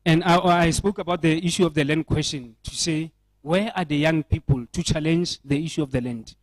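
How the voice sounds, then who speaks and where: South African man, fairly high voice, earnest, rhetorical questions, dry close sound. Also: fairly even intonation, fairly quick, no echo, poor audio. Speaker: panel speaker. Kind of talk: panel discussion remarks. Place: indoor event.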